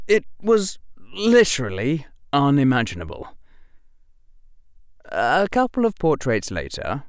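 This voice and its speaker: A man narrates a story with wry asides, his voice smooth and resonant. He takes his time and lets the pitch rise and fall expressively. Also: no room sound, studio quality. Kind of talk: audiobook narration.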